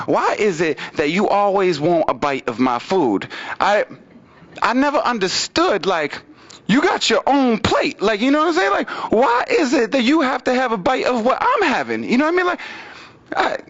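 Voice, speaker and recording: A man doing open mic stand-up comedy, with a loose, rambling delivery full of fillers and repeats, swinging his pitch widely for impressions. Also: fairly bright tone, muffled recording. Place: small studio stage with audience.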